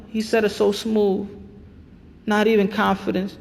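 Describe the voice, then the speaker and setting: Man, high voice, heated repetitive boxing rant, long reverb. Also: moderate pace, vocal fry, darkish tone. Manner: fired-up, repetitive, emphatic. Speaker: boxing channel host. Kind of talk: ranting commentary.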